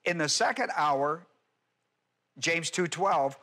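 A man's voice: fairly high pitch, moderate pace, sharp tone. A male pastor giving an expository Bible teaching sermon, stressing points with rhetorical questions and explaining Greek grammar.

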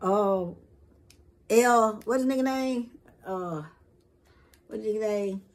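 A woman's voice: mid-range voice, slow pace. A woman vlogger giving a rambling, profane opinion rant to camera in casual street slang.

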